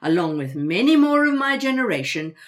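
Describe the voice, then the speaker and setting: Brief: actress as older mum, chatty and blunt, tripping over words, lively intonation. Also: female voice, mid-range voice, brisk, lightly acted. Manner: animated, stumbling over words when flustered. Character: chatty older mother, outspoken, quick to apologize. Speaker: mother. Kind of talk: audio drama dialogue.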